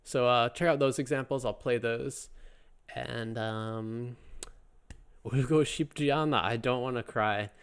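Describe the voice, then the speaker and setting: A man's voice: mid-range voice, moderate pace, smooth, faint music behind. A man giving a casual, chatty language lesson, joking and circling back with lots of fillers and restarts. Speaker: Korean language teacher.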